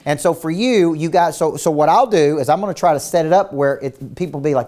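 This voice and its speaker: A man's voice: on the high side, brisk, hardly any pauses, a little mellow. A man coaching a virtual seminar in an intense, emphatic way, firing rhetorical questions at his audience and repeating words as he starts each point. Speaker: business coach.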